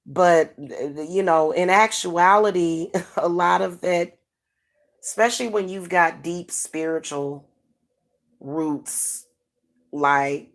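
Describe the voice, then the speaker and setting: A woman's voice: lowish voice, slow pace. A middle-aged woman, talking frankly and casually to her viewers, with many restarts and fillers. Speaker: spiritual advisor and channel host.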